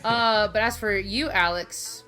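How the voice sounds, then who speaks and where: A woman's voice: mid-range voice, measured pace, sharp tone, faint music behind. A woman co-hosting a casual podcast, chatting in a giggly, playful, self-mocking way. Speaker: podcast co-host.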